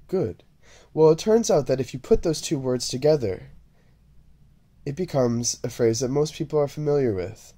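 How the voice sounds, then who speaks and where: A man teaching a language lesson, speaking slowly and deliberately and repeating syllables over and over for the listener to copy. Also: medium pitch, very animated, dark tone, slightly rough. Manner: drawn-out, repeated syllable drills. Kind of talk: slow, deliberate lesson narration.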